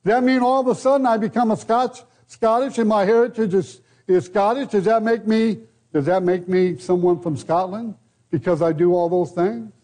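Older American preacher, high and mellow. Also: male voice. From United States. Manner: deliberate preaching with rhetorical questions and repeated phrases. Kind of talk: sermon.

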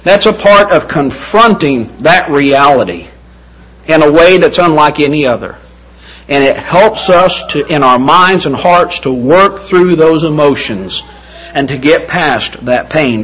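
High, bright-voiced preacher man. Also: poor audio. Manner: earnest, rising to fervent emphasis. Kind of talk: sermon.

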